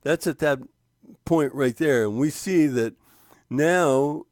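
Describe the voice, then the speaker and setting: A man slowly talking through a trading chart on screen, with many pauses, fillers and restarts as he points things out. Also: on the high side, darkish tone, no room sound, studio quality. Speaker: trading instructor. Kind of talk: screen-share walkthrough of a trading indicator.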